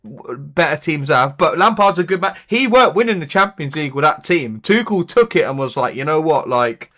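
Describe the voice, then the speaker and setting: Young bloke co-hosting a pod, swears a lot, slightly high voice. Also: male voice, brisk. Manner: sweary, animated football banter. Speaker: podcast co-host. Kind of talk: casual chat.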